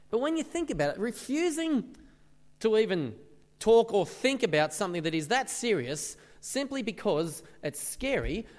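Pastor with an animated high voice. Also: male voice, long reverb tail. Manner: conversational, with rhetorical questions. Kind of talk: sermon. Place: church service.

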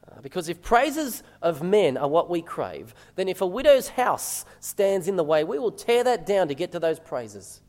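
Guy preaching a sermon, kinda high voice, chatty with lots of questions to the room, big echoey church hall. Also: very animated, moderate pace, few pauses, darkish tone. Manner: conversational preaching with rhetorical questions. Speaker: minister.

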